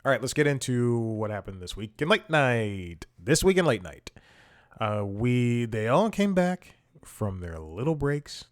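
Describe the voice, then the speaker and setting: A man's voice: medium pitch, very animated, unhurried. A man hosting a comedy podcast. He talks in a casual, rambling monologue, mocks himself, and chuckles between sentences.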